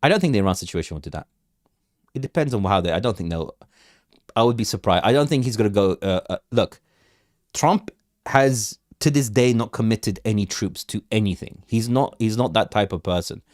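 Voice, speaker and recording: A man with a lowish voice hosts a crypto livestream, talking through market levels in a loose, rambling way. He restarts sentences, repeats words and keeps asking the chat what to look at, recorded close and dry. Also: animated, fairly quick, darkish tone, no echo. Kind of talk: casual live market commentary.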